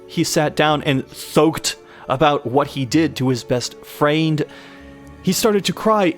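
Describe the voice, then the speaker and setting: Young man, comedic live reading, stumbles over misspellings, amused, higher voice, faint music behind. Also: measured pace. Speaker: host reading a bad horror story aloud.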